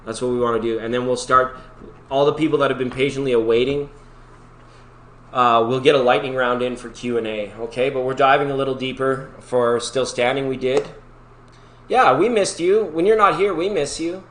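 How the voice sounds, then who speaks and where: A man with a mid-range, fairly bright voice hosts a live tarot reading stream, chatting with viewers at a moderate pace and fairly even intonation. He rambles cheerfully and sometimes breaks into little sung snippets. The room is echoey, with faint background noise.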